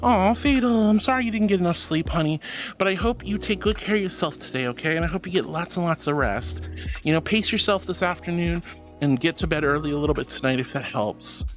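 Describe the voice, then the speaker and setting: Woman livestreamer, melodramatic, giggly, very lively voice. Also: on the low side, brisk, soft background music. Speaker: VTuber streamer. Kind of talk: casual livestream chat reading messages.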